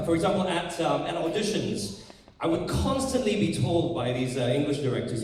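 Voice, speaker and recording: A man doing a stand-up comedy routine on a theater stage, telling a story with lively delivery, acting out other voices and swearing. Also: fairly high pitch, moderate pace. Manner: animated, acts out voices, swears. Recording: echoey hall from far off, audience noise. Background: audience laughter.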